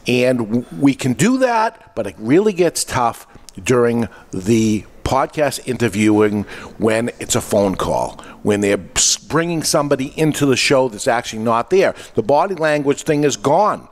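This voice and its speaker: A man at a mid pitch hosts a podcast from a studio and explains interviewing step by step. He talks in a plain teaching way and often restarts a phrase partway through. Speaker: podcast host. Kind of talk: instructional talk.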